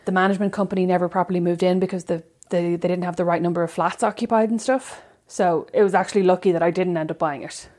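A woman with a somewhat low voice chats casually as a podcast co-host. She hesitates often and fills her sentences with little fillers and restarts as she tells her story. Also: fairly even intonation, fast talker, few pauses, a little mellow. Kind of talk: casual chat.

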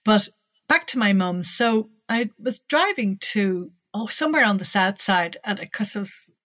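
An older woman with an Irish accent telling a personal story in an interview, growing animated as she recalls conversations. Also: medium pitch, measured pace, no room sound. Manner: animated, lively when recalling dialogue.

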